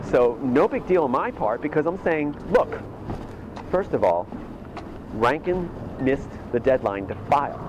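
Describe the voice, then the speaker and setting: A man's voice: mid-range voice, muffled recording. Rambling man on a noisy clip. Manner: rambling with stammered restarts. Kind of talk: recounting events in casual talk.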